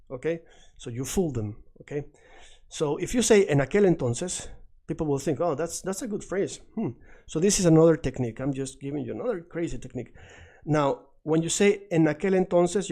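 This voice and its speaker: A middle-aged man, a native Spanish speaker, teaches an online lesson in a chatty, energetic way. His voice sits a little high but sounds mellow and warm. He drills phrases by saying them again and again.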